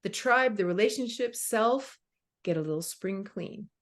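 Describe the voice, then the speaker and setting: A woman's voice: mid-range voice, lively intonation, unhurried. A middle-aged woman in a casual conversation as a guest teacher, talking with emphasis and acting out inner voices.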